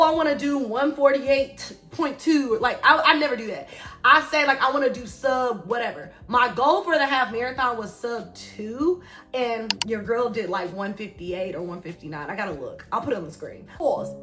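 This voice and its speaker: A young adult woman vlogging casually about running, animated and chatty with dramatic, joking asides. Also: on the high side. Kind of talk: casual vlog storytelling.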